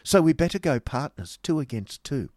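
A man doing a shrill, spiteful jealous young woman. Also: sing-song, normal speed, darkish tone, no room sound, clean studio sound. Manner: shrill, sneering, giggly. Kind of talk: audiobook character voice.

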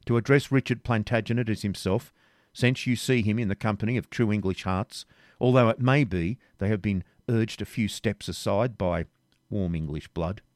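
A man's voice: fairly low pitch, normal speed, no echo, studio quality, lightly acted. A man reading aloud, voicing a bold, jesting medieval king with a hearty, commanding manner. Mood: teasing. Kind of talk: audiobook reading.

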